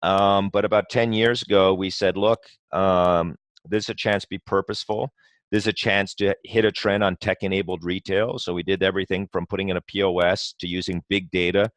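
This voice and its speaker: Low-voiced man talking with passion. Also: flat delivery, brisk, fairly bright tone, no room sound. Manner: passionate, talks in long runs full of "you know" and restarts. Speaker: guest, company co-founder. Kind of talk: conversational podcast interview.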